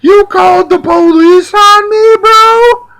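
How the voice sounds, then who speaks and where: A man mimicking an indignant young man who whines in a shrill, raised voice. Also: steady tone, slow pace, music in the background, heavily acted. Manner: whining, rising outrage.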